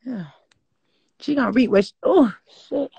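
A woman hosting a casual phone livestream, talking loudly and profanely in a rambling way. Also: a little high, measured pace, creaky, husky, highs cut off. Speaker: livestream host.

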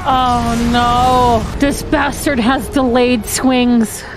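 A woman gaming streamer talking through her play, excitable and swearing, often talking to herself. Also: a little high, very slow, over music. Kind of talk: live game commentary.

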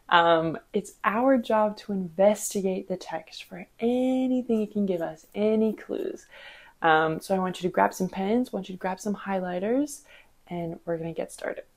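Gravelly-voiced young woman teaching acting. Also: medium pitch, a little mellow. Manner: chatty and explanatory, with fillers. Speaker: podcast host and acting coach. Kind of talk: instructional podcast talk.

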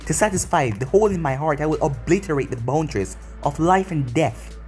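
A man voicing a proud, grieving young male emperor in a read-aloud story, in a steady reading tone. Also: fairly high pitch, brisk, soft background music, natural voice. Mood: intense.

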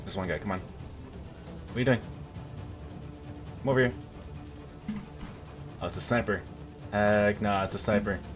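A man hosting a casual gameplay video, jokey and excitable, yelping and laughing through his commentary. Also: lowish voice, unhurried, pauses often, music in the background. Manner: excitable, jokey, yelps and laughs at close calls. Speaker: gaming video host.

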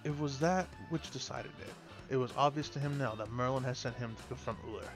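A man's voice: mid-range voice, fairly quick. A man reading a fantasy story aloud, with occasional slips and restarts. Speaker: lore reader. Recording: music playing behind.

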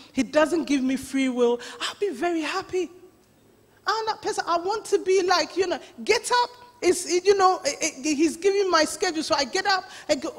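A woman pastor preaching a sermon, telling a story with lots of laughter and animated voices. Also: extremely high pitch, normal speed. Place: church. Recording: reverberant church hall.

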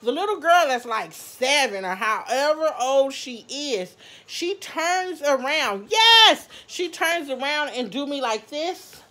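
A woman vlogger telling a story to her viewers, animated and laughing as she talks. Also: high-pitched, slow. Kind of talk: storytime vlog.

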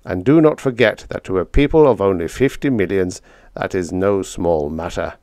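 A man voicing a squat, earnest male Jovian freight pilot who speaks low and a little hesitantly, in a storybook reading. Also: moderate pace, a little mellow, no echo, clean studio sound.

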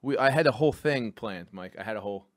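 A man hosting a comedy podcast, reading an ad and bantering quickly. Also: fairly low pitch, animated, no echo, clean studio sound. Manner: rapid, chatty delivery. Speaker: podcast host. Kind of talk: casual podcast banter and ad read.

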